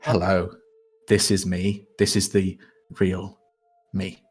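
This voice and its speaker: Man voicing male con artist, Irish twang, very low voice, slow, confessional, soft music behind. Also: completely flat delivery, husky, exaggerated voice. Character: male con-man noble dropping his posh act.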